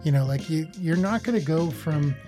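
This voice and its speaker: A man's voice: a little high, animated, normal speed, mellow. Casual male interview guest, talkative, lots of fillers and restarts, faint music bed. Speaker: agency founder and guest.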